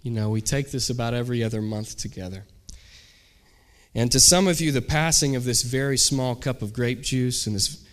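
A man's voice: medium pitch, normal speed. A man, a pastor, telling a story during a sermon and acting out the people in it. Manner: animated storyteller, acts out shouted quotes.

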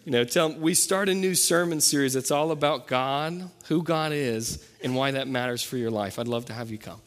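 A young man preaching a sermon as pastor, talking in a loose, conversational way with fillers and quick self-corrections. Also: mid-range voice. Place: church sanctuary. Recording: long reverb from a hall.

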